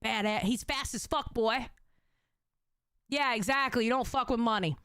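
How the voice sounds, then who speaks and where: A woman's voice: fairly high pitch, moderate pace, a bit bright, clean tone, no echo, studio quality. A woman hosting a casual commentary, reacting bluntly and with lots of swearing to stream clips. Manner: blunt, profane, exclamatory.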